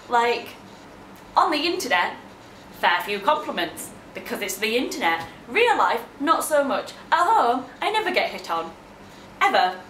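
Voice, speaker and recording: A woman's voice: mid-range voice, a bit bright, slight background noise. Bubbly young woman, roomy echo. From England. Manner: chatty and bubbly, full of fillers and exclamations. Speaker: vlogger. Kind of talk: casual chat to camera.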